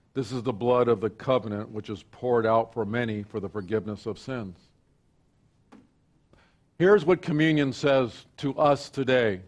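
Man preaching a rousing sermon. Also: medium pitch. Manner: swings from rousing declarations to quiet storytelling. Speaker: pastor.

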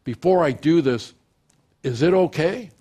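Animated man preaching a sermon. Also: a little high, unhurried, slightly rough. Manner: animated preaching, rising loud when acting out imagined prayers. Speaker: pastor.

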